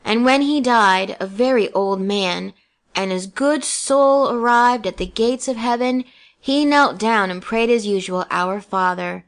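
A woman reads a children's story aloud in a gentle, measured way. Her voice sits a little high and keeps an even storybook cadence. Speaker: narrator. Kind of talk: scripted storybook narration.

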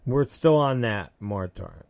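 A man's voice: medium pitch, animated, moderate pace, a little mellow, no room sound. A middle-aged man rambling through a casual anecdote, swearing freely and acting out what people said. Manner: rambling, swears a lot, acts out quotes. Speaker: storyteller.

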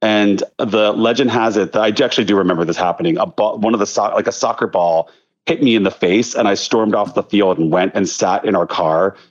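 A man in his thirties from outside Philadelphia, a podcast guest telling animated stories with lots of fillers. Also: on the low side, fairly quick. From outside Philadelphia, Delaware County. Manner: chatty, animated storytelling with many fillers. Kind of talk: casual podcast chat. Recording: slightly dull, lo-fi sound.

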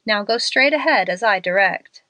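A woman reading a calm, gallant young gentleman. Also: mid-range voice, moderate pace, no room sound. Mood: steady. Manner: steady, reassuring and polite.

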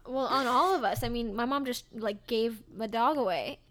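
Wry woman co-host with a higher voice. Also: normal speed, a bit bright. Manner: wry, dry remarks. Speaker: podcast co-host. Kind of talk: casual chat.

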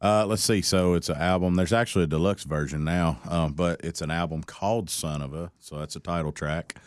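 This young man from Tennessee, a country singer guest, spins a brisk story in a casual interview, imitating others and laughing as he goes. The very low voice is miked close and dry, with no room sound.

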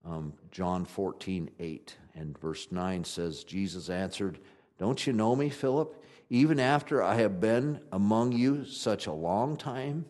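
Guy preaching, chatty and folksy, gets loud then goes real quiet. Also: lowish voice, unhurried. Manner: animated preaching with big swings from loud to quiet; conversational, folksy asides. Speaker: pastor. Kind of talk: sermon.

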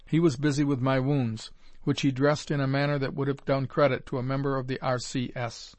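A man narrating a first-person adventure audiobook in a measured, formal storytelling manner. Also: medium pitch, little pitch movement, no room sound.

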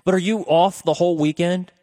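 A man's voice: high voice, steady tone, fairly quick, dark tone, dry recording. A man filling in as a radio talk host, rambling conversationally and tossing questions out to listeners on a call-in show. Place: radio studio.

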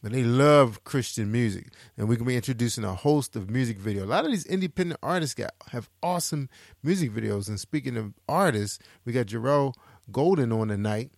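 A man's voice: mid-range voice, expressive, brisk, creaky, no room sound. Upbeat man hosting a podcast, dry sound. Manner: upbeat, repeats phrases for emphasis. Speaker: podcast host. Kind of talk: casual radio-style promo chat.

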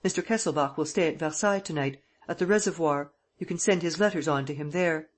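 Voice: mid-range voice, fairly quick, natural voice. A reader voicing a polite hotel head waiter who answers a policeman's questions in a matter-of-fact, guarded way, in an audiobook.

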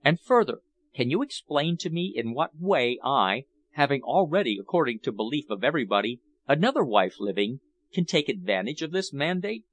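A man reading a restrained, earnest gentleman in a measured voice. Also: medium pitch, sing-song. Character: Englishman impostor, restrained and grave.

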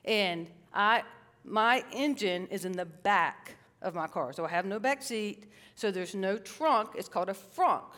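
A middle-aged woman tells stories from a stage in a lively, self-mocking way, often calling the crowd y'all. Her voice rings out with the long reverb of a large hall. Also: mid-range voice. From South Carolina, US. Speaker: psychotherapist giving a stage talk. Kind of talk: storytelling stage talk.

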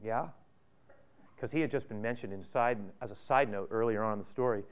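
A man's voice: fairly low pitch, a little fast, smooth. A male pastor preaching a sermon, retelling a story in a conversational way with rhetorical questions.

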